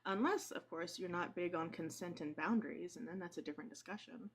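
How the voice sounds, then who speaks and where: A woman co-hosting a live stream, speaking in a measured, pointed, lecturing way. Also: lowish voice. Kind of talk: casual live stream debate.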